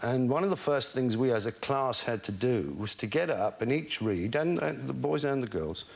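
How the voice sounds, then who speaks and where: A man's voice: medium pitch, expressive, normal speed, creaky. An older man in a documentary interview, telling a drama school story and imitating the people he quotes.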